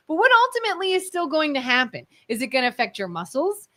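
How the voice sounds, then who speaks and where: A woman's voice: fairly high pitch, sing-song, fast, hardly any pauses, bright, forceful tone. A woman co-hosting a live local talk show, making emphatic points and walking through everyday examples. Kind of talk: casual talk show discussion.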